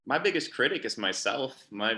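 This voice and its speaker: Earnest bright-voiced man in an echoey room. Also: mid-range voice, animated, normal speed. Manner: earnest, urgent, repeats phrases for emphasis. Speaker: youth ministry podcast co-host. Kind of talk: casual chat.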